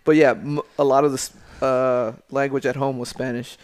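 A man's voice: medium pitch, little pitch movement, moderate pace, a little mellow. A man chatting casually as a podcast guest, joking and laughing often. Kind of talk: casual chat.

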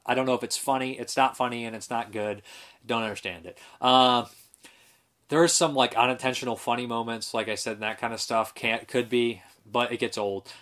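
A man's voice: medium pitch, fairly bright tone. Rambling, frank man reviewing movies. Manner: rambling, frank, swears, many fillers. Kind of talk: casual spoken review.

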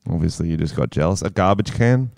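Lower-voiced man, crude joking. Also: fast, vocal fry, no room sound, clean studio sound. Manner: jokey, deadpan crude humor. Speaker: podcast co-host. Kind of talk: crude comedic podcast banter. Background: loud music.

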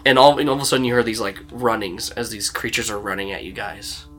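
A man's voice: on the low side, fairly even intonation, fast talker, fairly bright tone, soft background music. A man narrating a tabletop role-playing game as game master, in a loose storytelling way with lots of fillers.

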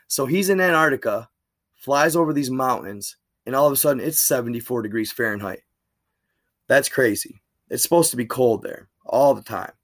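A man's voice: medium pitch, a little fast. A man reading a diary aloud in a plain way, stopping now and then for casual asides of his own.

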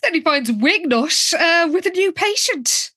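A woman's voice: extremely high pitch, animated, a little slow, sharp tone. A woman co-hosting a podcast, chatty and giggly as she recaps an episode and acts out quotes. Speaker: podcast co-host.

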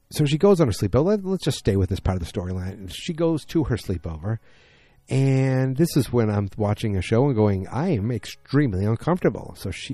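A man's voice: fairly low pitch, warm tone, no room sound. A tired man recapping a TV episode late at night in a casual, rambling way, full of fillers and restarts.

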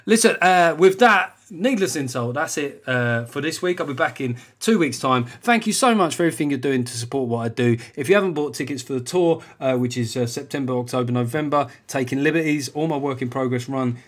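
A man from England hosting his comedy podcast alone, chatty and sweary and quick to poke fun at himself. He trips over his words at times but keeps rolling along in an even, middle-pitched voice. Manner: chatty, sweary, self-mocking, with stammered restarts. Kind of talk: casual solo podcast monologue.

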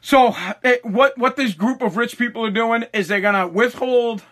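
A man's voice: extremely high pitch, normal speed, a bit bright. A man hosting a casual podcast, rambling, swearing and laughing often. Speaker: podcast host. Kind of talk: casual storytelling chat.

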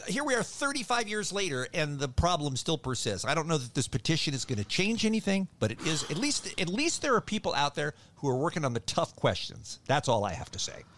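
Lively, quick-talking man on a radio bit. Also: fairly high pitch. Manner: rambling, lively storytelling. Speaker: radio show co-host. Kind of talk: radio talk segment.

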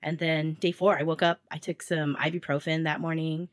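A woman co-hosting a podcast in casual chat, telling stories in an animated, chatty way, slightly stuffy-nosed. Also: deep voice, moderate pace, dry recording, clean studio sound. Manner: chatty, animated storytelling with laughs. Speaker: podcast co-host.

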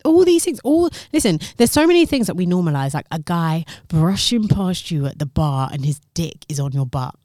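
A woman's voice: on the low side, moderate pace, few pauses, no echo, clean studio sound. A young woman chatting casually, outspoken and full of likes. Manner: animated, outspoken, frequent likes. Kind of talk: casual chat.

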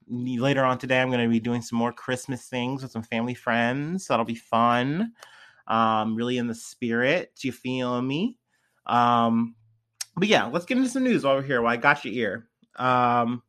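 A young man, a little drunk and high, talking in a loose, rambling vlog monologue full of fillers and slang. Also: sharp tone, smooth. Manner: laid-back, heavy on fillers and slang. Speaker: vlogger.

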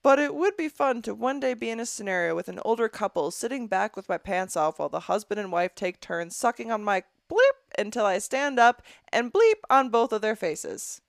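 Gravelly-voiced woman, blunt and profane. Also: a little high, expressive, normal speed, few pauses, dry recording, clean studio sound. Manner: blunt, profane, disgusted commentary with frequent laughs. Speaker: podcast co-host. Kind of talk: casual podcast chat, reading a listener letter aloud. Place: podcast studio.

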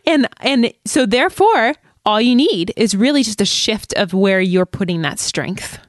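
A woman guest on a podcast, talking earnestly and quickly, speaking straight to listeners with encouragement. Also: fairly high pitch, animated, dry recording, clean studio sound. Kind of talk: heartfelt encouraging talk.

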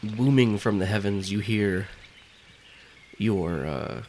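Low-voiced male game master. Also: slow pace, a little mellow, slight background noise. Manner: loose, joking, stumbles over words. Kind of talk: narrating a tabletop game.

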